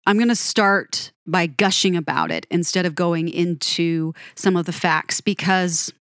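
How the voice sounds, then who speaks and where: A woman hosting a music commentary, gushing about a song, animated and quick to correct herself. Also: fairly low pitch, dry recording, studio quality. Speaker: music podcast host. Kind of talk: enthusiastic song breakdown.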